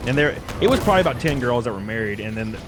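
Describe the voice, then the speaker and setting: A man's voice: mid-range voice, animated, noisy background. A man chatting on a stream, brash and boastful about his past. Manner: brash, boastful, rapid-fire talker. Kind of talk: casual profane chat. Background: music.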